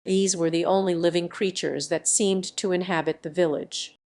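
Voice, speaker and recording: A woman reading a classic adventure novel aloud as an audiobook narrator, in an even, measured way. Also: fairly low pitch.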